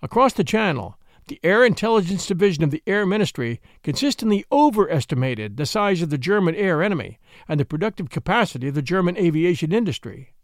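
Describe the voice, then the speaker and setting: A male history narrator with a high voice reads a script. He explains events and lists figures in a lively, swinging delivery. The recording is dry and close. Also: quick pace, no room sound. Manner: explanatory, reading out figures and dates. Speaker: history podcast host.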